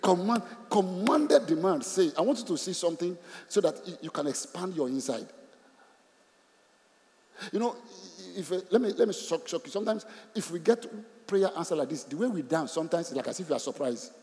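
A man preaches with a high, lively voice that swings widely in pitch. He repeats himself for emphasis and keeps asking the congregation questions, breaking into laughs. His voice rings through the long reverb of a large hall. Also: fairly quick. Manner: animated, repeats phrases, asks the congregation questions, laughs often. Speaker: pastor. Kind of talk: sermon.

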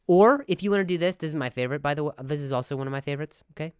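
A man hosting a comedy podcast, delivering an animated, mock-serious monologue full of stammers and restarts. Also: on the high side, rapid-fire, smooth, no echo, clean studio sound. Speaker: podcast host.

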